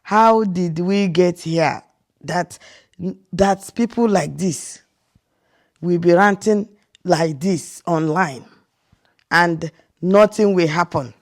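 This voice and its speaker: A woman's voice: lowish voice, slow pace, long pauses. A Nigerian woman from Nigeria giving casual reaction commentary as a vlogger, incredulous and rhetorical, often restarting her sentences.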